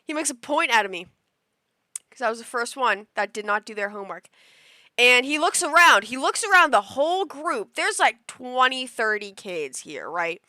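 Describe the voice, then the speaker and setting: Bright, animated young woman streamer. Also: a little high, moderate pace, no echo. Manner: animated and rambling, with frequent restarts, laughs and acted-out quotes. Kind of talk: casual storytelling to a live chat.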